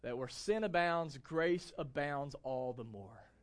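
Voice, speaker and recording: A young adult male pastor delivering a sermon in a notably high voice. He preaches with emphasis and keeps turning to the congregation with rhetorical questions. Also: slow.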